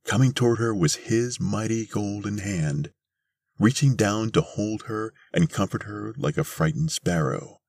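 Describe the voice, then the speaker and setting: A man hosting a podcast, reading a short story aloud in a measured, deliberate way from a mobile studio. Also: on the low side, a little mellow, dry recording. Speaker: podcast host and reader. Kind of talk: scripted narration of a short story. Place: mobile studio in a converted school bus.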